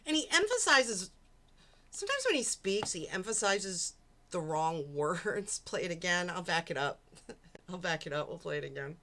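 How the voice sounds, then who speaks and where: Late at night at home, a woman hosts a stream where she comments on a replayed argument, mocking it with laughter, swearing and impressions. Her fairly low voice is a bit bright, moves at normal speed with big pitch swings, and carries slight background noise.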